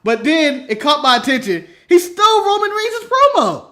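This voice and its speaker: A man's voice: very high-pitched, big pitch swings, normal speed, sharp tone. An American man co-hosting a casual wrestling recap, laughing often and talking with lots of energy as he goes through his notes. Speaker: podcast co-host.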